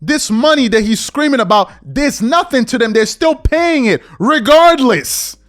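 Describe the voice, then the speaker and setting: High, lively man ranting on a podcast. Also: a little slow, soft background music. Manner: exasperated, repeats rhetorical questions. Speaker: podcast host. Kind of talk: opinion commentary rant.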